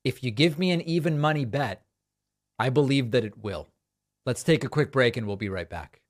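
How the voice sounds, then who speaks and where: A man's voice: medium pitch, expressive, moderate pace. A man hosting a podcast, delivering sarcastic, cutting political commentary. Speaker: podcast host.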